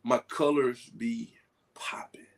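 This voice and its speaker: A man talking casually to a group, telling lively stories with folksy asides. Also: medium pitch, takes it slowly, vocal fry. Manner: animated storytelling with folksy asides.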